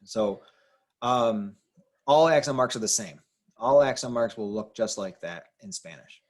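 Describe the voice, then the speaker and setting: Speaking at medium pitch and a little slowly, a man gives a Spanish grammar lesson in a classroom style. He is patient and repetitive with the rules, sprinkling in the odd "um".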